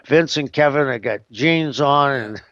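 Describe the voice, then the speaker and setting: A man's voice: medium pitch, unhurried, a bit bright, no room sound, muffled recording. A man giving a casual interview as a guest, rambling and hesitant, with lots of "you know what I mean.".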